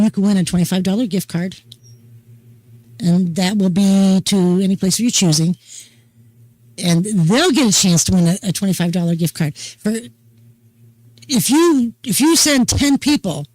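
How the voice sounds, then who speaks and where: A woman's voice: mid-range voice, darkish tone, dry recording, poor audio. Older lady hosting a talk show, folksy and chatty, rambles along easy, dry close sound. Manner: chatty, folksy, unhurried storytelling. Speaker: host. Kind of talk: casual chat.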